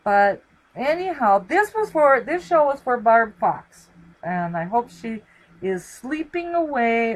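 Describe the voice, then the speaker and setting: A woman's voice: mid-range voice, slight background noise, rough recording. A middle-aged woman hosting her own channel, chatting casually from home and rambling with lots of fillers. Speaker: channel host. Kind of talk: casual live-stream sign-off chat. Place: home, talking to camera with her dog.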